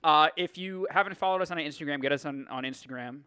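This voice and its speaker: A man's voice: fairly high pitch, quick pace, bright, forceful tone, clear, resonant tone. Teasing, foul-mouthed podcast co-host man. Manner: swears a lot, teasing, plugging with fillers. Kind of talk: casual podcast chat.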